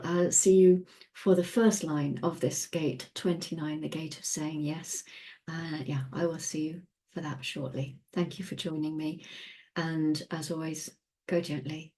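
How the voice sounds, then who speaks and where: A woman giving a casual teaching talk, relaxed and laughing often, sometimes dropping into soft, near-whispered asides. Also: fairly low pitch. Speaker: human design teacher.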